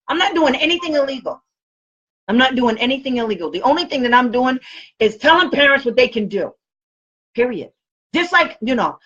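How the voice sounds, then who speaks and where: A woman's voice: sits high, a bit bright, husky, dull audio. A woman special education advocate talking casually to camera, blunt and outspoken, often laughing as she speaks.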